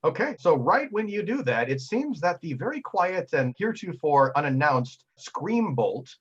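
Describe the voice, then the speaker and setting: A man running a tabletop game as game master, excitable and laughing as he narrates. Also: a little high, moderate pace, breathy edge. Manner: excitable, laughing, full of fillers. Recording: dull lo-fi audio.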